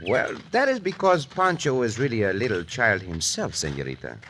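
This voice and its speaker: Cisco, gallant hero. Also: male voice, medium pitch, sing-song, normal speed, a bit bright. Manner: gallant, courtly. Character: dashing heroic male caballero, gallant and bold. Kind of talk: 1940s radio acting. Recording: hissy old radio transcription.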